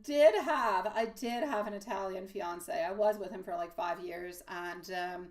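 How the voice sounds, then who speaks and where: A woman hosting a live tarot reading, chatting affectionately with viewers, using pet names and laughing often. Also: mid-range voice. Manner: laughs often, quick asides. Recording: voice a bit distant from the mic.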